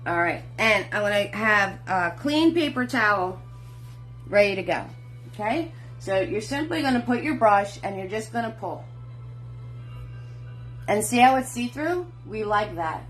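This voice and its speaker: The instructor, a middle-aged woman, paints live online while speaking in an expressive, fairly bright mid-range voice at a measured pace with long pauses. She chats encouragingly, greeting viewers by name and calling them sweetheart and hun, with faint music behind.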